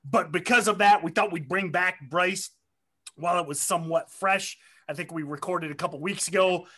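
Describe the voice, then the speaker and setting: A male podcast host talks in a high, bright, forceful voice. He chats casually, rambles and cracks jokes, often breaking off mid-thought. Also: moderate pace. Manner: rambling, self-interrupting, joking. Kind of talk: casual chat.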